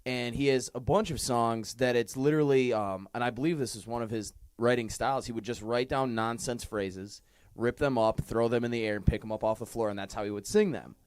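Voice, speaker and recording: A man's voice: medium pitch, fairly quick, few pauses, darkish tone, clean tone, no echo. A man hosting a music show from a garage studio, chatting casually, joking and teasing his guest. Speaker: show host. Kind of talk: casual interview chat.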